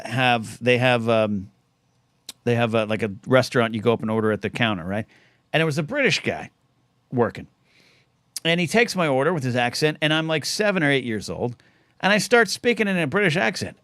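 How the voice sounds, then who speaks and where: A man's voice: medium pitch, a bit bright, no echo. A man hosting a live call-in talk show, rambling casually and often restarting his sentences. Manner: rambling, self-interrupting. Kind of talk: casual livestream chat.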